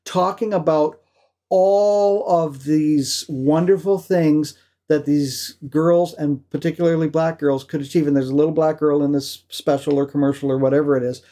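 A man co-hosting a podcast, telling stories in a lively way with frequent laughs and restarts. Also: a little high, normal speed. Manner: animated storyteller, laughs often, restarts. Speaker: podcast co-host. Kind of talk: casual chat.

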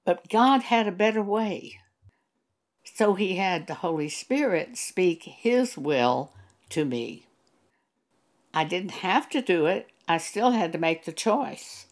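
A woman preaching a sermon in a slow, measured teaching manner. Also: lowish voice, expressive. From Texas.

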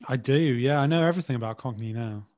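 A man's voice: medium pitch, fast talker, a little mellow. A man in casual conversation, talking in a hesitant, easygoing way and laughing easily. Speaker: conversation partner.

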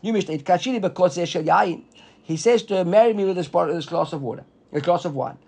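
A man's voice: high-pitched, vocal fry, a little mellow, slightly rough. A man teaching a Talmud class who reads the text aloud, translates it line by line and keeps checking that his listeners follow. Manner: explains quickly, reads the text aloud and translates it, asks students if they follow.

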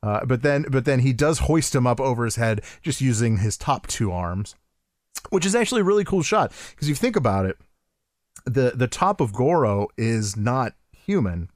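Animated podcast co-host, dry close sound. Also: male voice, mid-range voice, moderate pace, no echo. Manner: animated, laughs often, many restarts. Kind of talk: casual chat.

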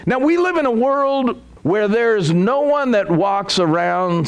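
A man preaching a sermon as a pastor, animated and acting out quoted asides. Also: high voice, slow, few pauses.

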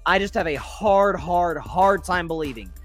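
A man's voice: high-pitched, lively intonation, a little slow, soft background music. A man hosting a solo sports podcast, rambling through his game picks with many fillers and self-corrections.

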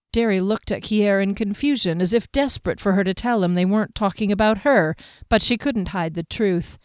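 A woman's voice: medium pitch, moderate pace, clear, resonant tone, dry recording, studio quality. Woman reading a fantasy audiobook. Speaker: audiobook narrator. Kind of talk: scripted fantasy narration.

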